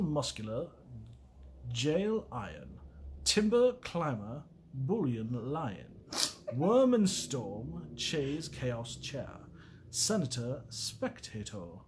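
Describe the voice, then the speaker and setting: Lively man reading aloud haltingly. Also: medium pitch, a little hiss or hum. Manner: halting, self-mocking, stumbles over words. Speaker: video host. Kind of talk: casual reading of a poem aloud.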